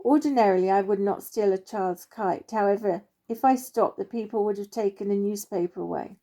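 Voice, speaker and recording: A woman's voice: medium pitch, brisk, dark tone, lightly acted. A woman doing a prim, proper old bird major. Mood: formal. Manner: clipped, formal, stiff-upper-lip phrasing.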